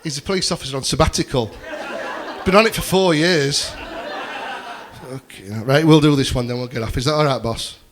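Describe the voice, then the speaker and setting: Male stand-up, a touch high-voiced, loose and profane, always talking to the room. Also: fairly quick, some chatter behind. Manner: rambling, swears freely, chats with the audience. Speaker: stand-up comedian. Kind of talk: stand-up comedy set with crowd banter.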